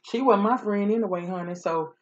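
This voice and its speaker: A woman's voice: mid-range voice, fairly quick, highs cut off. Sassy chatty woman telling a story. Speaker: vlogger. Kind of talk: casual storytime chat.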